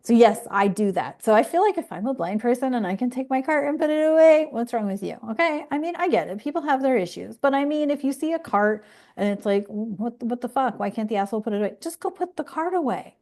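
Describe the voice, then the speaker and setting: A woman's voice: sits high, lively intonation, a little fast, darkish tone. Woman, astrology coach, casual unscripted monologue; blunt, profane, rambling. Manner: candid, swears freely, rambling asides.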